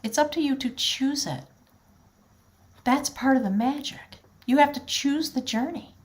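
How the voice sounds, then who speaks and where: This tarot reader has a high, unhurried voice as she addresses the viewer directly during a spiritual reading. She talks in an earnest, heartfelt, flowing way, her emotion catching in her throat at moments.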